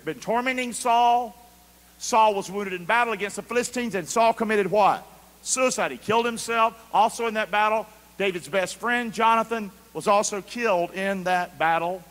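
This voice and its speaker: Man, pastor preaching, high voice, bright tone, long hall reverb. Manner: call-and-response preaching, shifting from quiet asides to loud shouts. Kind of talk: sermon.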